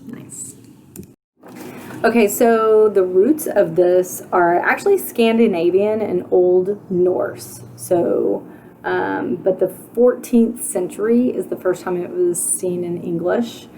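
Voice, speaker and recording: A woman teaching spelling at an unhurried, patient pace, spelling words letter by letter and pausing to question her students. Her voice is low and mellow with a gravelly edge. A faint hiss of noise sits under the recording. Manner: sounds out letters and syllables slowly, asking questions. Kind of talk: slow, deliberate spelling instruction.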